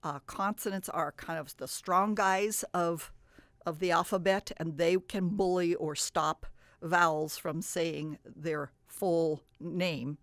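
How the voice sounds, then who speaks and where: Low-voiced woman teaching syllables. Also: no echo. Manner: explains patiently, stretches words to model sounds. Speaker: reading teacher. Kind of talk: instructional talk.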